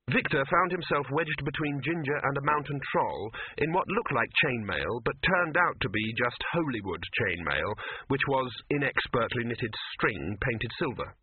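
A man narrating an audiobook in a measured, wry way, on a tinny, phone-like recording. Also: mid-range voice, lively intonation, husky, dry recording.

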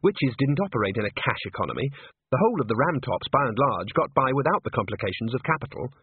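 Expressive husky male audiobook narrator. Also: medium pitch, fast, no room sound. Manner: expressive storytelling. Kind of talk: scripted narration. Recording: dry tinny narrow-band audio.

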